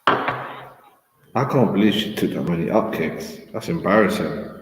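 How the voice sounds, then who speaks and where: Laid-back man, low voice, casual fight chat, roomy echo. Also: a little slow. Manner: laid-back, calls people bro. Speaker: co-host. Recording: echoey room, faint background noise.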